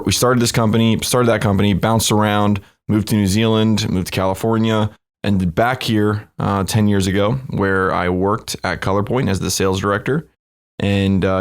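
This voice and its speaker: An easygoing man with a lower voice, a guest on a casual podcast. He talks through his story in a conversational way, with plenty of fillers. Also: clear, resonant tone. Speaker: podcast guest, company co-founder.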